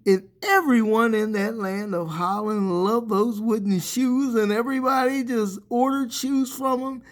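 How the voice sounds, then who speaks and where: A man telling a made-up tale to children in a playful, expressive way. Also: high voice. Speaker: children's storyteller. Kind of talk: storytelling for children.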